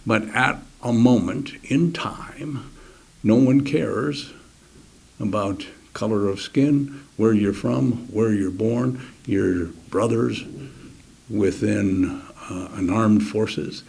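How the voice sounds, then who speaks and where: An older man telling a personal war story in an interview, halting and restarting, sometimes dropping to a near whisper. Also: fairly low pitch, creaky, darkish tone, slightly rough. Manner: halting, many restarts, drops to a near whisper at key moments; acts out other soldiers' words in quick quoted voices. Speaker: interview guest.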